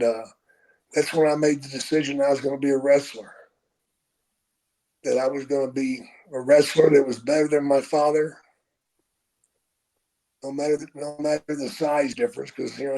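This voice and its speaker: A man in his sixties telling stories from his own life on a podcast, unhurried and swearing freely. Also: mid-range voice, flat delivery, warm tone, low-quality recording. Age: 60s. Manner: profane, unhurried storyteller. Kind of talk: casual storytelling.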